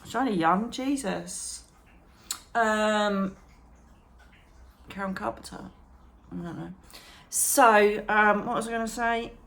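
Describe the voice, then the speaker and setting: A woman chatting to camera about meditation as a psychic medium and channel host, animated, calling viewers darling and trailing off mid-thought. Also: medium pitch, slow pace, pauses often. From England. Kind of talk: chatty advice vlog to camera.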